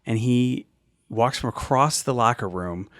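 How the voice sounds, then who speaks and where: A man guest on a podcast, telling a story in a measured, thoughtful way. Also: medium pitch, a bit bright, dry recording, studio quality. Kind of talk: casual chat.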